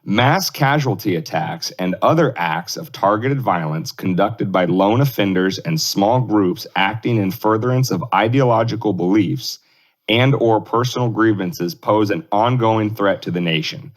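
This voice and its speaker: A man's voice: fairly low pitch, a little slow. A man co-hosting a casual political podcast, rambling through his points, laughing often and swearing loosely. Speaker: podcast co-host.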